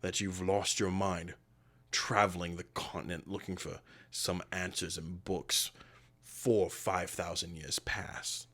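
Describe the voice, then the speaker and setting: A man's voice: deep voice, flat delivery, takes it slowly, a bit bright, heavily acted. A man playing a stern rich father. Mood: disapproving. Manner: cold, disapproving lecturing. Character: stern wealthy middle-aged father.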